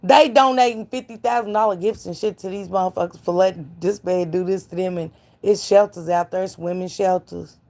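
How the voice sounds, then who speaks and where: A woman's voice: fairly low pitch, a little fast, few pauses, a little mellow. Blunt woman gossiping to chat. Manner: blunt, profane, preachy, calls out chat viewers by name. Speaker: live stream commentator. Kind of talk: casual gossip commentary to live chat.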